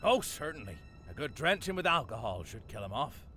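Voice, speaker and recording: An actor voicing a dead older English gardener with a West Country accent, dry and darkly playful, in a video game. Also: male voice, mid-range voice, very animated, fairly quick, sharp tone, soft background music. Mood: wry. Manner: wry, theatrical, darkly playful.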